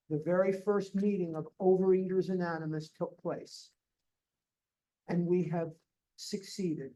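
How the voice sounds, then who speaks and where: Slow storyteller in an echoey room. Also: mid-range voice, mellow. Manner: unhurried, storytelling, recounting history. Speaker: speaker at a recovery retreat. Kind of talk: storytelling talk to a group. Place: meeting room at a retreat. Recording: echoey room, distant dull mic.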